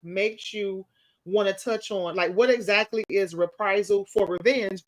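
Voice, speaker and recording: A woman's voice: mid-range voice, steady tone, measured pace, rough recording. A woman co-hosting a casual podcast discussion, playful and teasing as she recounts things and asks questions.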